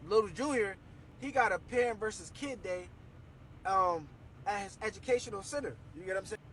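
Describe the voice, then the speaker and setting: A man's voice: sits high, brisk, a little hiss or hum, low-quality recording. A young man telling a story to camera in a casual, slangy way, acting out what people said. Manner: animated, slangy, acts out quoted voices.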